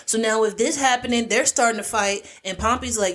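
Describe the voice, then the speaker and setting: A woman's voice: on the high side, brisk, fairly bright tone. A woman co-hosting a podcast, casually retelling history with slangy quoted voices and plenty of fillers. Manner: conversational, many fillers like "like" and "um". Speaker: podcast co-host. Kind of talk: casual storytelling chat.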